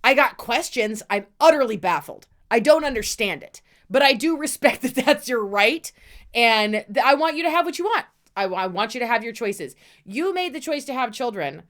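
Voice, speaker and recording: A woman's voice: a little high, expressive, normal speed, a bit bright. A middle-aged woman co-hosting a casual podcast, venting bluntly with plenty of swearing and mock outrage. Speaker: podcast co-host. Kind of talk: casual ranting chat.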